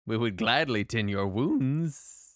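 A courteous temple gatekeeper priest, speaking with formal politeness and addressing visitors as "sir", as a man puts him on. His pitch swings up and down, and the recording is close and dry. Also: expressive, takes it slowly, no echo. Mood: welcoming.

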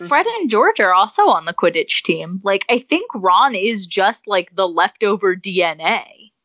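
A woman's voice: mid-range voice, big pitch swings, a little slow, a bit bright, no echo. A woman co-hosting a podcast, talking enthusiastically and swearing casually. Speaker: podcast co-host. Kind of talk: casual chat.

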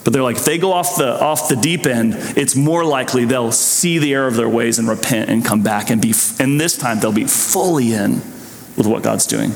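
A man preaching a sermon as pastor, conversational and animated, often restarting and throwing in asides. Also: mid-range voice, moderate pace, gravelly. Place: church sanctuary. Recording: echoey hall.

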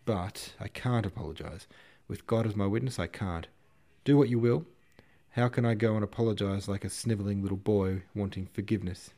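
A man's voice: fairly low pitch, a little fast, mellow, lightly acted. A man voicing a proud young officer who stammers and pleads. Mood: imploring. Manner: stammering, imploring. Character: proud young male count, flustered.

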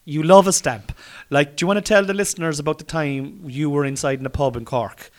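A man's voice: fairly high pitch, steady tone, fairly quick. An Irish man in his forties co-hosting a podcast, teasing and playful in casual chat with his wife. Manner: teasing, playful, bursts into loud mock shouting. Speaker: podcast co-host.

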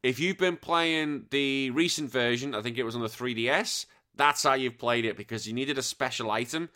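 A middle-aged English man hosting a podcast, reading out listener messages in casual chat and bursting into loud sworn exclamations. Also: mid-range voice, moderate pace. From England. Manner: animated, swears freely, bursts into loud exclamations. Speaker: podcast host.

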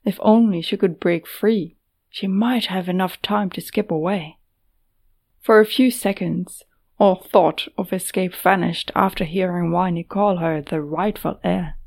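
Slow gravelly woman narrator. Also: lowish voice. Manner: measured, steady storytelling. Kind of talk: audiobook narration.

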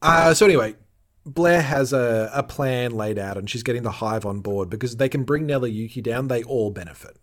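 A man hosts a podcast, recapping a show in a jokey, animated way. His voice sits at an ordinary middle pitch. It comes across as relaxed casual chat between co-hosts. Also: brisk. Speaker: podcast host.

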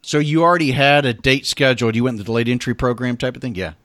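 A man's voice: mid-range voice, fast talker, a bit bright, dry recording. A man hosting a casual interview, with friendly, folksy banter and questions. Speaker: podcast host. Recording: dry close sound.

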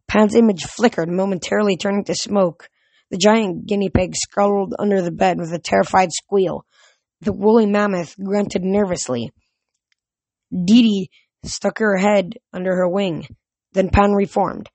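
A woman reading a young-adult novel aloud as an audiobook, in a steady, plain storytelling manner. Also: fairly low pitch, unhurried, dry recording. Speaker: reader. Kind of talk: audiobook narration.

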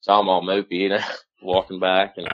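A man guest telling a lively hunting story, casual and profane, with lots of fillers. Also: low-pitched, fairly quick, lo-fi sound. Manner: animated, swears casually, many fillers. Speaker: guest hunter.

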